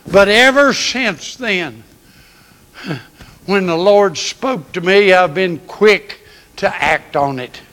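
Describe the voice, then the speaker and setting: Folksy older preacher, slow and high. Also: male voice, fairly bright tone. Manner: folksy and homespun, chuckling between phrases. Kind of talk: sermon. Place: church sanctuary. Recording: long church hall reverb.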